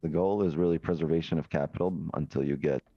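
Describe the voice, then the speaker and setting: A man's voice: very deep voice, steady tone, quick pace, no room sound, dull audio, faint music behind. A man co-hosting a trading stream, explaining in a rambling way with lots of rhetorical questions. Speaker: co-host trader. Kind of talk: casual explaining.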